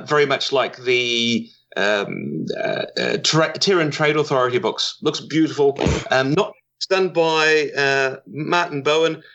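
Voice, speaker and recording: A man's voice: medium pitch, fairly bright tone. New Zealand man on a dull line. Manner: rushed, self-deprecating recaps. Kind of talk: casual chat.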